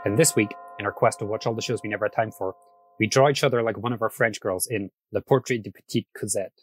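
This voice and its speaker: A man hosting a casual podcast, chatty and quick to laugh, often restarting his sentences. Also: on the low side, a bit bright, no room sound. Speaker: podcast host.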